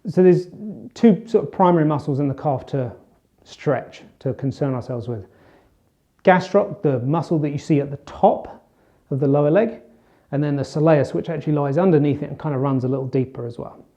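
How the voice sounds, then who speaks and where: A man with a slightly high, mellow voice coaches viewers through stretches in a relaxed, chatty way. He talks as he demonstrates each move. The recording sounds dull and lo-fi. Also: moderate pace. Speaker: fitness coach. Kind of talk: instructional demonstration.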